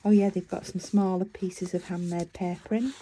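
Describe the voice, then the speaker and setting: A woman's voice: fairly low pitch, fairly even intonation, normal speed, warm tone, slight background noise. A woman vlogger chatting casually about her craft work, enthusiastic and rambling, with frequent fillers. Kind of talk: casual show-and-tell chat.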